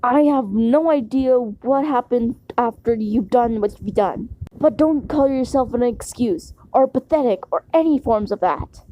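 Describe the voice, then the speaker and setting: A woman's voice: a little high, unhurried, hardly any pauses, mellow, lightly acted, rough recording. A woman voicing Luffy, an earnest young boy pirate captain giving a blunt pep talk.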